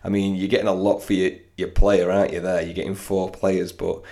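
Low gravelly bloke doing a footy podcast, jokey banter, swears a bit. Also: male voice, little pitch movement, a little fast, mellow. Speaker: podcast co-host. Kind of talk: casual football chat.

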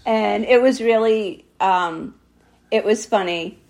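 A woman co-hosting a podcast in a relaxed conversational chat, talkative and quick to laugh. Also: mid-range voice. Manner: chatty, laughs easily. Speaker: podcast co-host. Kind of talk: casual chat.

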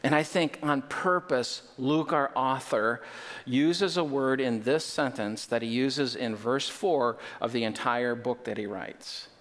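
A man's voice: medium pitch, unhurried, fairly bright tone. A male pastor preaches with growing fervor. He tosses in wry jokes and leans hard into key points. His voice rings out through a large hall with a long, lingering reverb. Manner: emphatic, with joking asides and rising intensity. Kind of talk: sermon.

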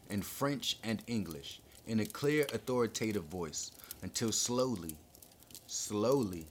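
A man's voice: lowish voice, slight background noise. A man hosting a podcast, reading a thriller chapter aloud with dramatic emphasis. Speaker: podcast host reading a book. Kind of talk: audiobook-style narration.

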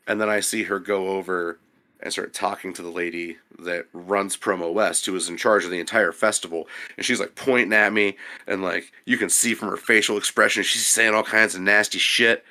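Brief: young male podcast guest, bright forceful voice, profane lively storyteller. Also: deep voice, brisk. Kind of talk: casual storytelling.

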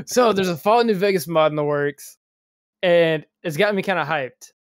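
Tipsy, excitable podcast co-host man. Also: high voice, normal speed, no room sound, studio quality. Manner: excitable, animated gamer talk. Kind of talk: casual chat among friends.

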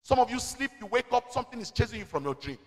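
A senior pastor with a high, lively voice delivers a sermon at a church service, his words echoing with the long reverb of the church hall. He exhorts the congregation in call-and-response fashion and reads scripture slowly and deliberately.

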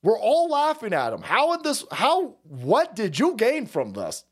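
A man's voice: huge pitch swings, unhurried, husky. A man running a profane, mocking political commentary stream. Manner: mocking, swearing, laughing, swings loud and low.

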